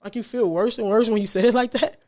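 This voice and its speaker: Earnest high-voiced man, motivational talk. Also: steady tone, fast, a little mellow. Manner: earnest, repeats phrases, often ends with "man". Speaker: podcast host. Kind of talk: casual motivational monologue.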